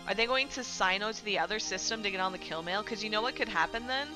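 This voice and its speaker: A woman game streamer giving excited, chatty, slangy live commentary as she watches and plays. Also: medium pitch, fast talker, few pauses, poor audio. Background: background music.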